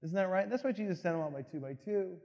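His sermon, given as pastor, moves through stories peppered with jokes and quick laughs, all ringing around a reverberant church hall. The voice is high, gravelly, and mellow.

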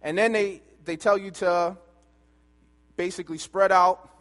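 A man preaching a sermon, telling a personal story and swinging between loud and hushed delivery. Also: high-pitched, steady tone, a little slow. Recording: long hall reverb.

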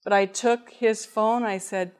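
A woman preaching a sermon, telling a personal story and acting out the dialogue in a lively way. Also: mid-range voice, measured pace, clear, resonant tone.

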